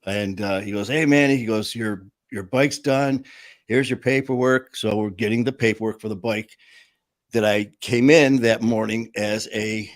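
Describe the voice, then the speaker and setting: A man's voice: on the low side, fairly even intonation, moderate pace, dry recording. A man hosting a casual talk, telling a story with lots of fillers, laughs and acted-out quotes. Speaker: show host.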